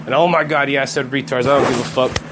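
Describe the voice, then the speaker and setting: A man's voice: mid-range voice, steady tone, fast talker, heavy background noise. A man in his thirties hosting a podcast, ranting bluntly and swearing constantly, often stumbling and restarting his sentences. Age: 30s. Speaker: podcast host. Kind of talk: profane solo rant.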